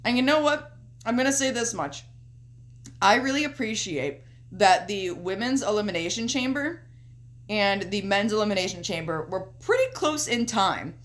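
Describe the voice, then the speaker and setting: A woman's voice: medium pitch, very animated, moderate pace, fairly bright tone. Young woman, podcast co-host, casual and chatty, swears freely. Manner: casual, swears often, talks through her picks at length. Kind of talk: casual chat.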